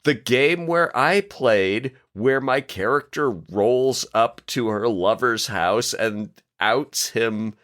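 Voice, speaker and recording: A man co-hosting a role-playing podcast in casual chat, playful and quick with jokes. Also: mid-range voice, fairly bright tone. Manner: playful, quips and puts on voices. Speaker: podcast co-host.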